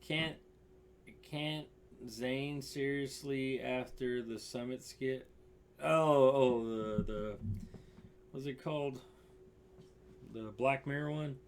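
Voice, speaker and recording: A man's voice: medium pitch, steady tone, slow pace, long pauses, a little hiss or hum. A young man casually telling a rambling, profane story on his stream, with lots of fillers and restarts.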